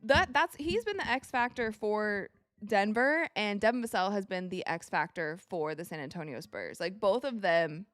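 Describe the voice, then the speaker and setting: A young woman hosting a live basketball watch party, calling plays excitedly and talking to her viewers. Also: medium pitch, moderate pace, no room sound. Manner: excitable, reacts loudly to plays, talks to viewers as you guys. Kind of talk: live game commentary to chat.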